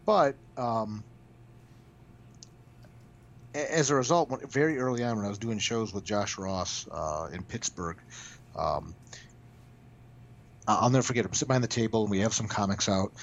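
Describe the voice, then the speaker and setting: A comic book writer with a lowish voice tells stories in a casual interview at a moderate pace, leaving long pauses. He's animated, often restarting and stammering over repeats. Slight background noise sits under the dull, lo-fi recording.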